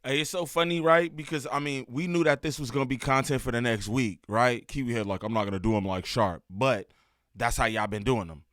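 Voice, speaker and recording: Bright, animated man cracking up. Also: medium pitch, a little fast, no echo, studio quality. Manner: animated, emphatic, laughs often. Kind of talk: casual commentary.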